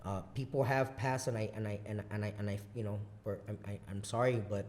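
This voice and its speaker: A man from Guam, a business owner guesting on a podcast, telling stories in casual chat, swearing a lot and talking in an animated way. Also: on the low side, fairly quick, a little hiss or hum. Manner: profane, animated storyteller.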